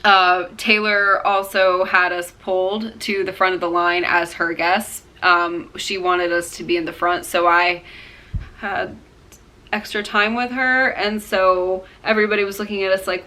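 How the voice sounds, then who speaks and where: Bright-voiced young woman telling a story. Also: on the low side, fairly even intonation, unhurried. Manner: rambling, full of "like" and "um", acts out quoted voices. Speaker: vlogger. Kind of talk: emotional storytelling to camera.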